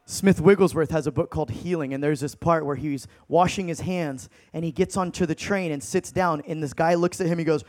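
A man in his thirties preaching a sermon, telling stories in an animated, casual way with slang. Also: a little high. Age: 30s.

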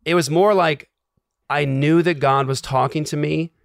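A man's voice: a little high, steady tone, a little slow, creaky, clean tone, no room sound, clean studio sound. Man telling an earnest personal story. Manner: earnest, emotional, filler-heavy with many "like"s. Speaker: guest sharing a personal story. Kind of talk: casual storytelling.

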